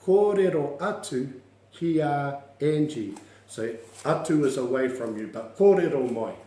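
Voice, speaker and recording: A man's voice: medium pitch, lively intonation, a little slow, warm tone. Upbeat coaxing New man teaching. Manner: upbeat, coaxing, laughs often, drills words aloud. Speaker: language teacher. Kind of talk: online class teaching with gestures. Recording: echoey room.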